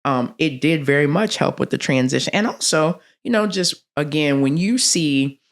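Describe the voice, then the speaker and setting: A woman in her forties with a lilt, recounting stories as a podcast guest. She talks expressively, leaping up in pitch as she acts out what others said, and laughs often along the way. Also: expressive, moderate pace. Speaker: guest, athletics director. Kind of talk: animated storytelling in conversation.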